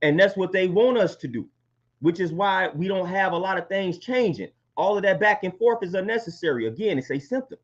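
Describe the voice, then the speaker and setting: A man's voice: high voice, animated, a little fast. A man, hosting a live stream and delivering an impassioned monologue, repeating phrases for emphasis. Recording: dull lo-fi stream audio.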